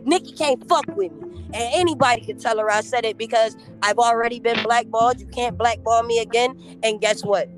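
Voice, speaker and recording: A woman's voice: a little high, brisk, faint music behind. A woman on a podcast, ranting in a brash, profane, confrontational way. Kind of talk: heated casual podcast talk.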